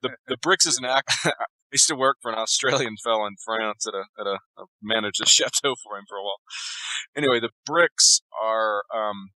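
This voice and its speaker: A man being interviewed as an author, giving long, steady explanations in a conversational interview. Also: lowish voice, a little fast, no room sound, poor audio. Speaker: author guest.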